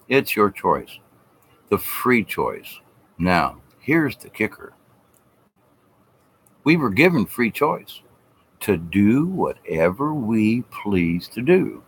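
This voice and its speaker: A man's voice: fairly low pitch, big pitch swings, slow pace, long pauses, breathy edge. A middle-aged man vlogging a rambling, folksy, preachy spiritual monologue, now and then mimicking people in mocking voices.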